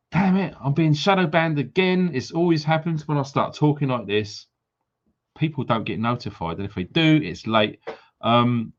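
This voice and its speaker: A man hosting a livestream, ranting sarcastically and firing off rhetorical questions with indignant high jumps for emphasis. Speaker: livestream host. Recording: dull lo-fi stream audio.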